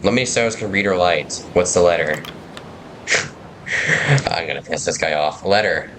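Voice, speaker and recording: A man with a low voice plays through a story game, reading its text and adding rambling, self-deprecating asides. A faint hiss sits under his voice. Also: expressive, measured pace, a bit bright. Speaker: game player. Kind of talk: let's play narration, reading and commenting.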